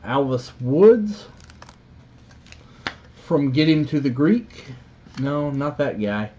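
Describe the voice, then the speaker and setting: A man with a Southern drawl talks slowly and easily, joking with viewers as he works through a card break. The audio is dull and lo-fi, like a home live stream. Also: fairly high pitch, slight background noise. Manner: relaxed, joking, chatty. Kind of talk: casual live stream commentary.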